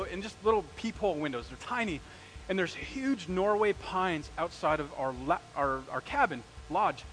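A middle-aged preacher, his voice sitting a little high for a man. He tells a story to his congregation, acting out the quoted lines and swinging between soft and loud. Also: rough recording. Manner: animated, acts out quoted lines with big swings in loudness. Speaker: pastor. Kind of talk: sermon storytelling.

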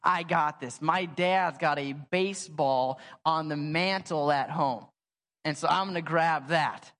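An eager new kid who is desperate to prove himself, put on by a preacher. The voice drops low and earnest and sounds reassuring. It rings with the long reverb of a church hall. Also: male voice, a little slow, a bit bright.

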